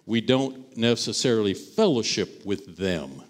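A man's voice: fairly low pitch, lively intonation, a little slow, big-room sound. A man preaching a sermon as pastor of a church, reading scripture aloud and retelling a story in a conversational way, often repeating words and acting out the voices of the people in it.

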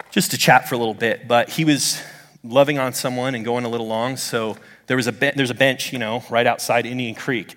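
A middle-aged male pastor preaching a sermon in a church, telling a story with animated swings of voice. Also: medium pitch. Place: church sanctuary under stage lights. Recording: long hall reverb.

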